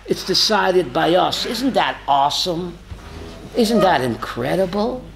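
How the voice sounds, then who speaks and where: Animated rabbi quizzing his class. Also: sits high, unhurried, vocal fry, a little hiss or hum. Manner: animated, rhetorical questions, calls on students by name; chuckles often. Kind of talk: lively Torah class.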